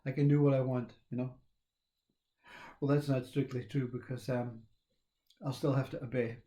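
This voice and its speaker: A man, talking in a rambling, reflective monologue, laughing often and halting with fillers. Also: mid-range voice, level tone, mellow. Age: 60s.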